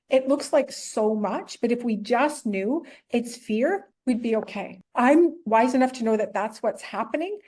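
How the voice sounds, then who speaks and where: A woman's voice: fairly high pitch, normal speed, hardly any pauses, darkish tone. A middle-aged woman guest answering interview questions in a candid, earnest way, often asking rhetorical questions. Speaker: podcast guest, entrepreneur.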